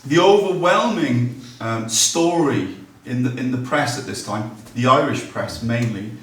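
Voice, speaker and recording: A man's voice: mid-range voice, animated, measured pace. A man giving a conversational public history talk, reading quotations aloud between ums and restarts. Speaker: local history speaker. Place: large echoey room, speaking to an audience. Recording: echoey room from a distance.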